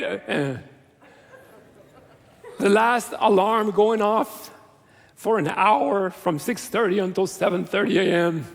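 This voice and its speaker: A man's voice: high-pitched, steady tone, slow pace, creaky. A middle-aged male pastor preaching a sermon in a church, earnest and conversational with self-deprecating humor. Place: large church sanctuary. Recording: long reverb of a church hall.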